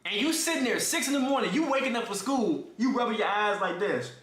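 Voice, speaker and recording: Bright, high-voiced young man telling stories. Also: lively intonation, brisk, reverberant. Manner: casual slang, talks straight to viewers. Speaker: streamer. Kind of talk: animated storytelling to a live chat.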